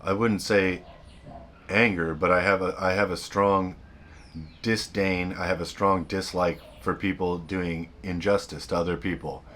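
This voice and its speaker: A man's voice: low voice, steady tone, a little slow, a bit bright, slight background noise. A man hosting a self-help video, giving earnest unscripted advice, often repeating and restarting his sentences.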